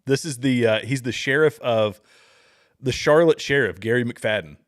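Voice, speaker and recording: A man's voice: medium pitch, moderate pace. Chuckling, rambling man hosting a livestream. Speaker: livestream host. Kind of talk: casual livestream commentary.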